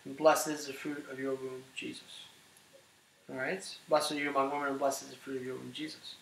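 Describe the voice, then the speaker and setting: A man teaching a class on scripture, animated, asking questions and often checking in with "right?". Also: medium pitch, brisk, creaky, far from the mic, slight background noise. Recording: roomy echo from off-mic.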